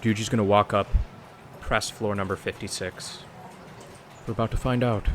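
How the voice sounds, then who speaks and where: A man playing a polite businessman character in a tabletop game, measured and formal, laughing often. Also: fairly low pitch, fairly even intonation, a little hiss or hum. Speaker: player.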